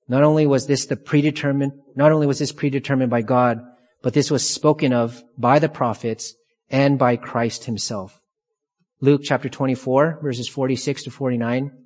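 A man preaching an expository sermon, emphatic and deliberate, repeating key phrases for weight. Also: mid-range voice, darkish tone. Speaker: pastor. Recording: long reverb of a large hall.

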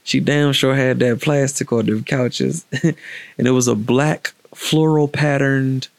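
A man telling a personal story in a candid, reflective, casual way, with halting restarts and pauses. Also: medium pitch, steady tone, gravelly, no room sound.

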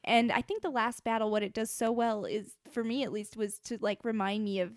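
A woman's voice: fairly high pitch, fairly even intonation, brisk, no room sound, studio quality. A young adult woman hosting a podcast, chatting casually and animatedly and laughing often. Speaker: podcast host. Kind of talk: casual chat about faith and books.

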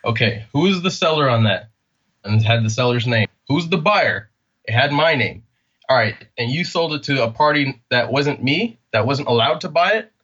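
A man's voice: medium pitch, moderate pace, muffled recording. Man telling a story, acting out dialogue. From California. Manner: animated, acts out quoted dialogue. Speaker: podcast guest. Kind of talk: casual storytelling interview.

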